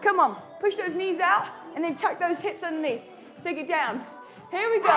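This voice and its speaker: High-voiced upbeat woman coaching a workout. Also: animated, moderate pace, fairly bright tone, faint music behind. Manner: upbeat, encouraging cues, chats to her dog. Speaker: fitness instructor. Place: home.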